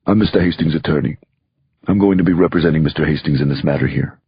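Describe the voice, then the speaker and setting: A man's voice: extremely low pitch, fast talker, vocal fry, breathy edge, dry recording, highs cut off, full character voice. A man voicing a brash, streetwise middle-aged male lawyer with a Brooklyn accent in an audiobook. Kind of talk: audiobook character voice.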